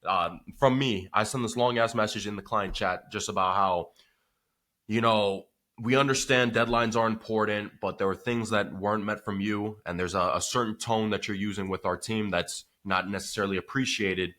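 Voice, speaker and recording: Bright, forceful man telling a story. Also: lowish voice, normal speed. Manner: animated, swears freely, lots of filler. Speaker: business owner telling a story. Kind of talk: casual storytelling vlog.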